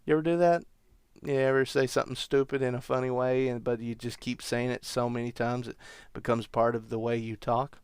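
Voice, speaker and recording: A man's voice: mid-range voice, flat delivery, a little fast, darkish tone, smooth, dry recording, studio quality. A man hosting a podcast, rambling through a comic monologue with wry, self-mocking asides. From United States. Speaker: podcast host.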